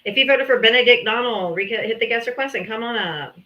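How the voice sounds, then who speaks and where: A woman hosts a live-streamed political debate. She sounds bright and forceful. Her tone is teasing and sarcastic, and she talks down to commenters. The stream audio is dull and lo-fi. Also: a little high, a little fast. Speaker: livestream debate host. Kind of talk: casual live-stream talk.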